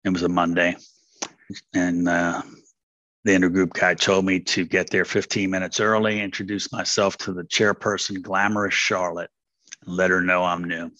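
An older man tells his story in a low, steady voice that barely rises or falls, with a bright edge to it. He talks candidly and rambles, with many fillers. The sound is close and dry. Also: moderate pace, no room sound, dull audio. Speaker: speaker sharing at a recovery meeting. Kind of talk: personal testimony.

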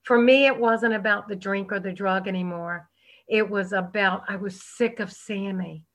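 A woman's voice: mid-range voice, fairly even intonation, moderate pace, a bit bright. A middle-aged American woman giving a heartfelt, candid personal testimony to a meeting, with fillers and restarts. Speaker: recovery speaker.

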